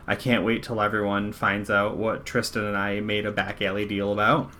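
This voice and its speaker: A man running a tabletop game as game master, narrating in a relaxed, rambling way. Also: on the low side, moderate pace, a little hiss or hum. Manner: relaxed, rambling wrap-up with fillers.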